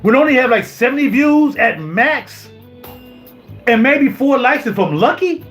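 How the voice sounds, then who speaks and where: A man's voice: extremely high pitch, expressive, measured pace, fairly bright tone, soft background music. A man in his fifties ranting on a live stream. He sounds indignant, repeats himself and fires off rhetorical questions. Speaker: YouTuber. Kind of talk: heated live-stream rant. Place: home music studio.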